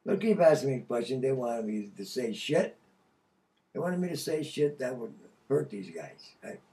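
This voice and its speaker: An older man from Connecticut telling a story casually, profane and animated, laughing mid-sentence. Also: mid-range voice, normal speed, far from the mic. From Connecticut, USA. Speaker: podcast guest.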